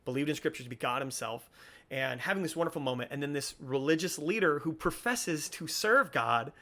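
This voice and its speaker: Young male podcast host, earnest and preachy, rambling with restarts, slightly high voice. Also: bright, forceful tone. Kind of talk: casual commentary.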